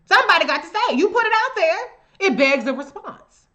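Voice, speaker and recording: A woman with a high, bright voice hosts a live stream, talking back to her commenters in a blunt, confrontational, profanity-laced way. She hits her points hard and keeps the commentary heated. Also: big pitch swings, fairly quick, highs cut off. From United States. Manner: addresses commenters directly. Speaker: livestream host.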